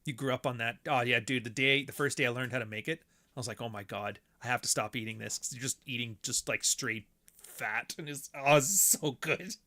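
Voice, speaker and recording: A man's voice: mid-range voice, a little fast, pushed and bright. A man streaming a block-building game, chatting casually with friends and rambling with plenty of swearing. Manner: rambling, profane, laughs often. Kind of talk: casual chat while playing a game.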